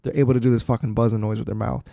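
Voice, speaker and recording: A man co-hosting a podcast, telling an excited, profanity-heavy travel story in casual chat. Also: mid-range voice, very fast, gravelly, no room sound, clean studio sound. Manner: excited storytelling, heavy swearing, laughs often. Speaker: podcast co-host.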